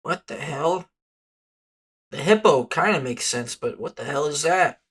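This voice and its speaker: Brash male player at a tabletop game, bright, slightly high voice. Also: expressive, measured pace, husky. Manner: brash, swearing, joking. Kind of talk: casual play at a tabletop game.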